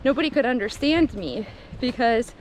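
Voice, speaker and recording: A chatty young woman with a mixed Minnesota and Southern accent and a slightly high voice talks to the camera on a forest trail. She laughs often, and a little outdoor noise sits faintly behind her. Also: animated, normal speed. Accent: mix of Minnesota and Southern US. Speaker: hiking vlogger. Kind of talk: casual vlog chat on a trail.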